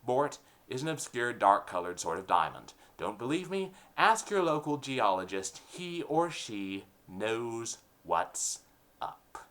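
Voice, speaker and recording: A man's voice: medium pitch, big pitch swings, slow pace, fairly bright tone. A man hosting a comedic rant show, opinionated and full of sarcastic puns. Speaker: host.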